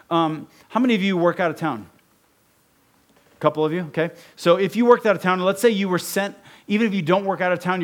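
A man from Ohio preaching a sermon in a conversational way, often checking in with the congregation. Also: a little high. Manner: conversational preaching with repeated "right?". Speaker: pastor.

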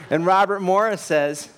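A man preaching a sermon, earnest and emphatic, asking rhetorical questions and telling anecdotes. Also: medium pitch. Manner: tells anecdotes with light laughs. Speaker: pastor.

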